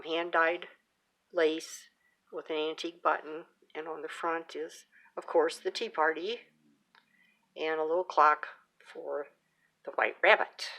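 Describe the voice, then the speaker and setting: A woman's voice: low-pitched, creaky, a bit bright. A middle-aged woman hosting her own craft channel, chatting casually with plenty of fillers and restarts as she shows off her handmade work. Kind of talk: casual show-and-tell.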